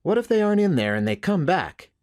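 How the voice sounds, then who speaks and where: A man's voice: sits high, sing-song, fast talker, a little mellow, clean tone, voice pushed up. A man voicing a nervous, cowardly male henchman who speaks in a timid, pleading way in an audiobook.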